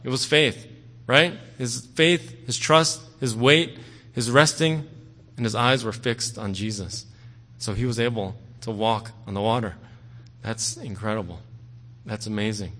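A man's voice: mid-range voice, a little slow, fairly bright tone. A man preaching a sermon in a conversational way, often checking in with "okay?" and "right?". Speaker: pastor. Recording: long hall reverb.

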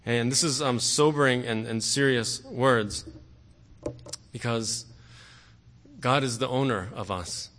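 A man preaching a sermon earnestly, often pausing on "okay" and growing forceful on key words. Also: medium pitch. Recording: long hall reverb.

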